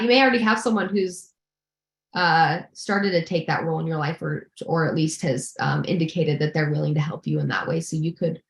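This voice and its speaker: Candid woman guest, roomy echo. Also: fairly low pitch. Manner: candid, restarts often, self-deprecating. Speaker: guest executive. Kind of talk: live video Q&A.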